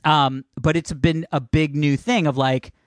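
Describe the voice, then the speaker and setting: A man's voice: a little high, fairly even intonation, a little slow, no room sound. A man co-hosting a podcast in casual chat, laid-back and enthusiastic, swearing freely. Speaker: podcast co-host.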